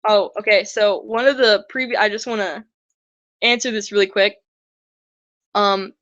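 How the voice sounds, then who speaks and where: In a muffled recording with no echo, a young woman vlogs about reptile conservation. She's earnest and chatty, often restarting her sentences, and imitates others with high, squeaky voices.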